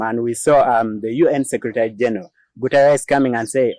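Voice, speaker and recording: A Ugandan man with a Ugandan English accent hosts a casual news commentary show, chatty and joking, laughing often and using many fillers. His mid-range voice is a little mellow and brisk, with few pauses and no echo.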